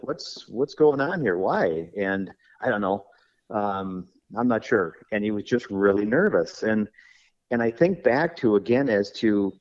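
Low-voiced funeral director telling stories. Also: male voice, a little mellow, highs cut off. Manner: rambling storyteller, acts out quoted dialogue. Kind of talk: podcast conversation.

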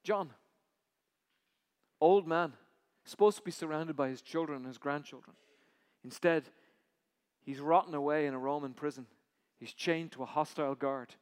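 A man preaching a sermon, telling a story dramatically, acting out voices and swinging from loud outbursts to hushed lines. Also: high voice, clean tone. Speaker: pastor. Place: church sanctuary. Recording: church hall reverb.

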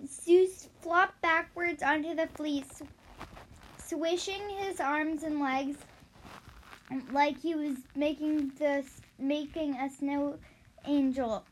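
A child reading a storybook aloud, halting and correcting themselves often. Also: female voice, sits high, steady tone, slight background noise. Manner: halting, with restarts and self-corrections. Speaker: reader.

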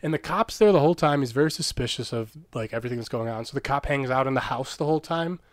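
A man's voice: mid-range voice, fast talker, no echo, clean studio sound. A young man co-hosting a podcast, rambling through a story with frequent laughs and swearing. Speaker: podcast co-host. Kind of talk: casual chat.

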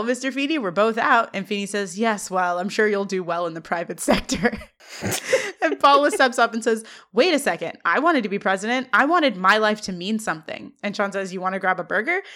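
Bright-voiced woman recapping an episode. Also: medium pitch. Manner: retells scenes, quoting the characters' lines; laughs often while recounting. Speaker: podcast co-host. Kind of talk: scene-by-scene recap.

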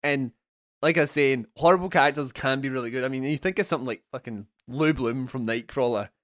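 A young man co-hosting a casual film podcast, animated and swearing freely. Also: medium pitch, quick pace, no echo, studio quality. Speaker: podcast co-host.

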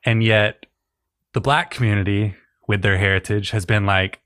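A man's voice: lowish voice, steady tone, normal speed, fairly bright tone, no echo, studio quality. A man from the American South, hosting a casual conversation, reflective and thinking aloud.

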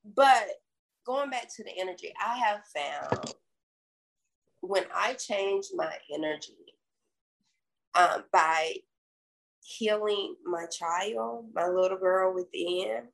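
A woman's voice: mid-range voice, slow, creaky, long pauses, slight background noise, poor audio. A middle-aged woman from the American South with a Southern accent, co-hosting a podcast and reflecting in casual conversation. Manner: reflective, warm-hearted storytelling with folksy phrases. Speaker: podcast co-host.

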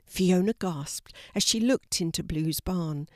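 An older woman narrating a children's story in a slow, gentle storybook manner. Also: on the low side, no room sound, studio quality.

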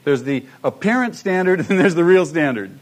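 A man's voice: fairly high pitch, sing-song, moderate pace. A middle-aged man preaching a sermon, emphatic and full of rhetorical questions to the congregation. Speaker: pastor.

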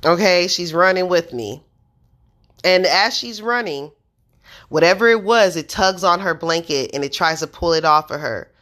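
Her voice lowish and slightly bright, a woman in her thirties recounts something personal to viewers. She's earnest and intense, swears without holding back and talks right to the camera.

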